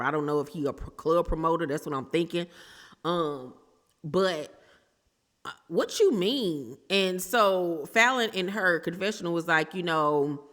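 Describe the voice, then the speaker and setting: A woman's voice: on the low side, a bit bright, long reverb tail. A woman giving blunt, sassy commentary as she recaps a reality TV episode for her channel. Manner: sassy, blunt, throws shade. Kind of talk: casual opinionated commentary.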